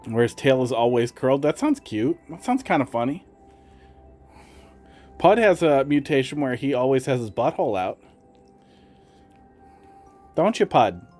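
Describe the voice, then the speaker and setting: A slightly mellow, medium-pitched voice belongs to a man streaming with a slight Wisconsin accent. He chats casually with viewers and talks to his cats in a sing-song voice, with faint music in the background.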